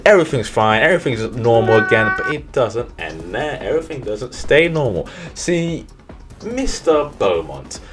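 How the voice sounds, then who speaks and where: A man's voice: medium pitch, animated, moderate pace, few pauses, over music. A young man recapping a film in casual, rambling commentary, swearing and mocking himself. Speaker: movie reviewer.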